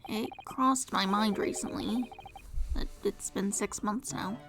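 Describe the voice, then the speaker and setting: A woman voicing a glum, soft-spoken young male defense lawyer, hesitant and mumbling, with vocal fry. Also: mid-range voice, steady tone, takes it slowly, low-quality recording. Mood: downcast. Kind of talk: reading game dialogue aloud. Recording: game music behind.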